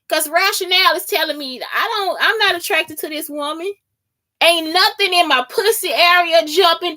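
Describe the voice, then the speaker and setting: A woman's voice: high voice, sharp tone. A woman hosting a podcast in a casual solo monologue, heated and profane, who keeps asking her listeners if they understand. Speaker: podcast host.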